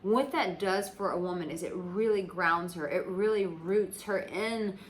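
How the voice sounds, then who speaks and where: A woman's voice: on the low side, measured pace, slight background noise, rough recording. A woman from the United States, a dating coach, talking casually and emphatically to her audience, swearing freely and filling her speech with "like.". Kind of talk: casual talk to camera.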